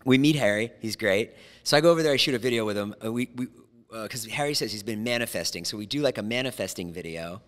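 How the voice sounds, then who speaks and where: A man's voice: lowish voice, lively intonation, fast, fairly bright tone, long reverb tail. A man in his forties hosting a podcast in a studio, telling rambling stories and laughing often. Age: 40s. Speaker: podcast host. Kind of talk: casual chat.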